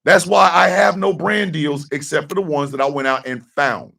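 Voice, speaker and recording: A man's voice: fairly high pitch, fairly even intonation, normal speed, creaky, sharp tone, far from the mic. A middle-aged man hosting a radio talk show, giving a blunt, profane personal monologue and repeating his key lines for emphasis.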